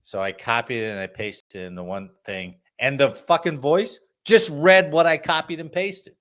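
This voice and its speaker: A man's voice: mid-range voice, normal speed. A man hosting a weekly news and variety podcast, telling a story in casual chat and swearing freely. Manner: profane, animated storytelling. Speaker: podcast host.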